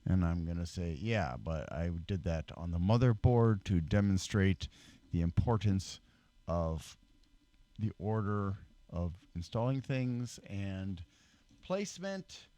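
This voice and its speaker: A man with a low, mellow voice and lively intonation speaks slowly while hosting a casual PC building tutorial, rambling with fillers, correcting himself and slipping in dry, self-deprecating asides. It's a laid-back how-to demonstration recorded dry and close on a desk microphone, and his voice fades whenever he leans away from it.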